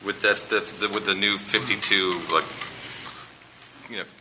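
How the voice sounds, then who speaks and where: A man from the Pittsburgh area, a comics artist guest, speaking casually and haltingly. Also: lowish voice, level tone, background noise. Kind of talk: casual chat.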